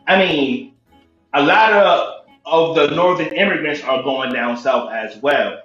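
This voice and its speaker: Bright high-voiced man on an echoey call. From Connecticut. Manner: insistent, keeps cutting in to make his point. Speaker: panel speaker. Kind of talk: heated casual debate. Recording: echoey, dull audio-room call with faint music.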